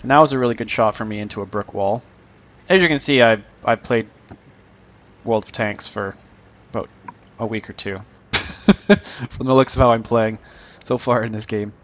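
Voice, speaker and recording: A man's voice: lowish voice, moderate pace, muffled recording. A man giving casual, joking commentary over his own tank gameplay, mocking himself and chuckling often.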